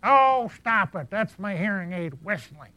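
A stubborn, nearly deaf old woman, as a male preacher puts her on speaks in a high, slow, loud voice, well above his own. She sounds fond but set in her ways. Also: lively intonation, no echo, exaggerated voice. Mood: fond, matter-of-fact.

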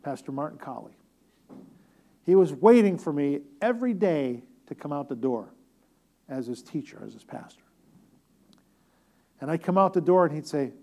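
A middle-aged male pastor preaches with a slightly raised, mellow voice. He tells stories with gentle humor. He swings between booming emphasis and soft, near-whispered asides. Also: expressive, moderate pace, long pauses. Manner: storytelling with humor. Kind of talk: sermon.

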